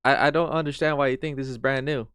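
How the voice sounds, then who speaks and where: A man's voice: mid-range voice, steady tone, quick pace, a bit bright, clean tone, no room sound, clean studio sound. A man streaming a reaction to a video, ranting in exasperation and swearing freely.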